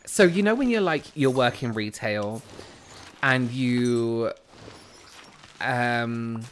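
A man's voice: mid-range voice, slow pace, a little hiss or hum. Guy chatting away while he plays, rambly, keeps cutting himself off. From West Country, England. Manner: chatty and rambling, often breaking off mid-sentence. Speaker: game streamer. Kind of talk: casual chat while gaming.

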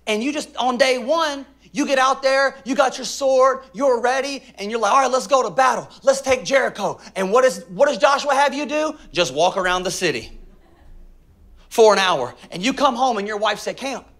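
A man's voice: very high-pitched, moderate pace. A male pastor preaching a sermon to a live congregation, telling stories, acting out voices and firing questions at the room. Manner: animated storytelling, acts out voices, asks congregation questions. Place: church auditorium with a live congregation.

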